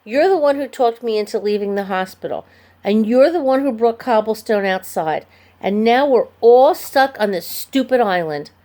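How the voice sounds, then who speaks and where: A woman's voice: fairly high pitch, expressive, moderate pace, mellow, close to an everyday voice. A woman voicing a frantic young boy who scolds in a screechy voice, reading a storybook aloud. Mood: angry. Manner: screechy, accusing.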